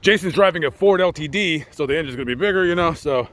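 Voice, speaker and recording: A man narrating a true crime story in a casual, dramatic vlog style, building excitement and acting out quotes. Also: on the high side, fast talker. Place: outdoors on location.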